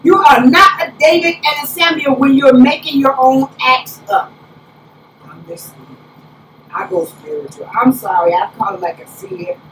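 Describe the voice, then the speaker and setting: High-voiced woman preaching from afar. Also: normal speed. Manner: animated storytelling, preacherly exclamations. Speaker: apostle preaching. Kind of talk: conversational sermon. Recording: roomy, distant, faint background hiss.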